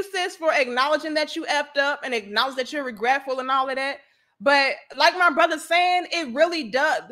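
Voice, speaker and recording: A woman hosting a casual live stream, reading donations and speaking in an animated, outspoken, slangy way. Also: sits high.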